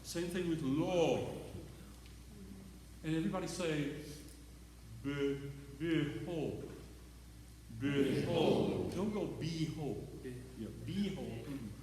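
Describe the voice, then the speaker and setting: A man's voice: on the high side, takes it slowly, pauses often, a little mellow, a little hiss or hum. A man leading a choir rehearsal, coaching singers and demonstrating phrases by singing them in a chatty, encouraging way. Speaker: choir director. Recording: echoey hall from far off.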